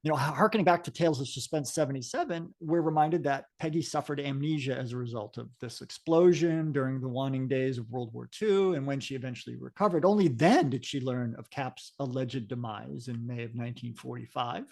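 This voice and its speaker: A man's voice: mid-range voice, a little fast, gravelly, few pauses, darkish tone. Rambling male podcast co-host. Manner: rambling, frequent fillers and restarts. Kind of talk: casual podcast chat about comics.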